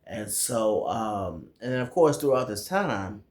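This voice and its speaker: Male reviewer, casual and slangy, unhurried, full of fillers, recorded in an echoey room. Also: lowish voice, expressive. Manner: slangy, rambling, lots of fillers and acted quotes. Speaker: movie reviewer. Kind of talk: casual movie recap.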